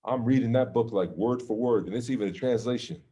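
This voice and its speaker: A man's voice: medium pitch, a little fast, warm tone. A man teaching an informal religious class, talking conversationally and checking in with his listeners with "okay?" and "right?". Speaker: Islamic teacher.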